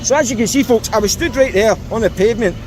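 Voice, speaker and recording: A man's voice: high-pitched, fast talker, darkish tone, slight background noise. Mocking British man filming outdoors. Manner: mocking, indignant, talks to camera. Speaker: auditor filming police. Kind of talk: casual vlog commentary to viewers. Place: outdoors on a street.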